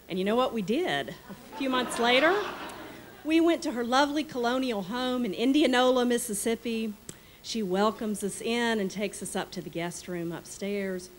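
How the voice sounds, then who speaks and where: A woman's voice: on the high side, moderate pace. A woman from the American South telling a personal story live on stage in a wry, conversational way. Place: small performance venue on stage. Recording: live stage with faint room noise.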